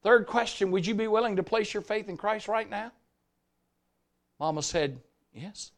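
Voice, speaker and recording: An older man with a Southern accent preaching a sermon, telling stories with animated storytelling and acting out the people he quotes. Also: sits high, moderate pace.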